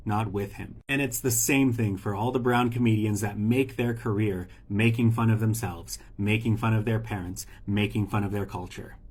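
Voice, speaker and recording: Husky man with sardonic commentary. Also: lowish voice, darkish tone. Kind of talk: opinion commentary.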